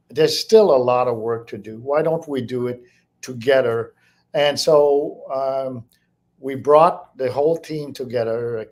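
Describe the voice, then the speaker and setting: An older man with a French Canadian accent, a French native speaker, answering interview questions in a reflective, halting way. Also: medium pitch, darkish tone. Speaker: guest, entrepreneur.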